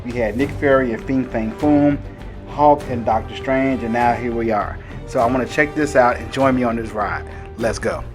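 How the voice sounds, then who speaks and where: A man hosts a casual comic review, recapping the plot in a chatty, loose way with plenty of fillers. His voice sits at an ordinary middle pitch, and faint music plays beneath him. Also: fairly even intonation, normal speed. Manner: chatty, retelling the story with filler words. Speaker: comic book reviewer, host.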